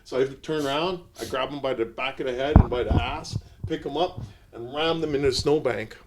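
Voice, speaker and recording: A man's voice: mid-range voice, a little fast, very noisy. A man from Canada telling wild stories as a podcast guest, swearing freely and laughing as he goes. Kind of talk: animated storytelling.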